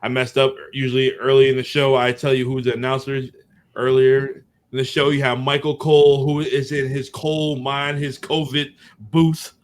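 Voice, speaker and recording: A man's voice: medium pitch, little pitch movement, moderate pace. Man rambling through a match recap. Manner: rambling play-by-play recap, chuckling. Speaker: podcast host. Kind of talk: casual podcast chat.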